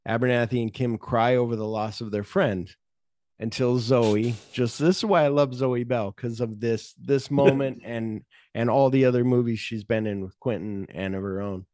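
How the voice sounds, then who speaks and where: A man in the middle of his pitch range tells a film's plot with lots of energy. He swears freely and jumps into the characters' voices as he goes. The recording is close and dry, with no room sound. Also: moderate pace, no echo. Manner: animated storytelling, swears freely, acts out characters' lines. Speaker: podcast host. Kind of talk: casual movie-discussion podcast.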